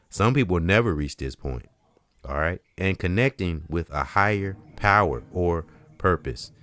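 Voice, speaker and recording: Host, male, very low voice, rambling preachy spiritual monologue. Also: fairly bright tone, dry recording. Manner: preachy, loose and repetitive, many "you know"s. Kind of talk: casual spiritual talk.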